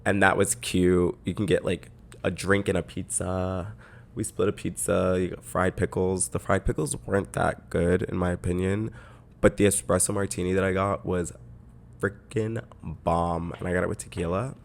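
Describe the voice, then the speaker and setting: A man with a deep voice tells a story on his podcast, chatty and peppered with "like." He sits close to the microphone and talks casually. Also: level tone, moderate pace, gravelly. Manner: chatty, lots of "like" fillers. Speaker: podcast host.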